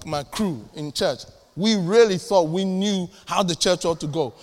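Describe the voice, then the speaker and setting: High-voiced preacher, lively and reverberant. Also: male voice. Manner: animated, jokey preaching with sudden loud bursts and acted-out dialogues. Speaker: pastor. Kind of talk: sermon. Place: church hall. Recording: echoey church hall with long reverb.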